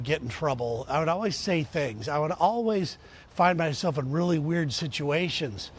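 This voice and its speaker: A middle-aged man, a comedian, telling a story casually to his camera and quoting a friend in an animated way. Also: high voice, slight background noise. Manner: casual, animated retelling with quoted voices. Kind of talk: storytelling vlog.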